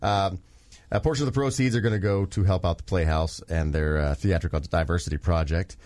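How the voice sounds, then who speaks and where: A man co-hosting a radio show, who teases his guest and plugs tickets in quick host patter. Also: low voice, fairly even intonation, a little mellow. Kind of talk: casual radio show talk.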